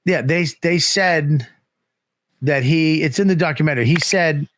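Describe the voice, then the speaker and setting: A man's voice: on the high side, normal speed, a little hiss or hum. A man telling a casual, profane story, acting out the people he quotes. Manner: profane, animated, acts out quotes. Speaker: guest comedian.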